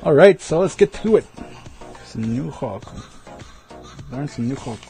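A man hosting a radio segment, slowly teaching words of the day and repeating each one with care. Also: fairly high pitch, lively intonation, vocal fry, mellow, faint music behind. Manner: slow, repeats words carefully, chuckles at himself. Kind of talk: casual language lesson on radio.

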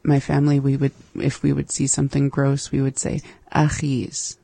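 A co-host of a casual language-lesson chat, talking slowly in a flat, gravelly way and laughing easily. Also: medium pitch, no room sound.

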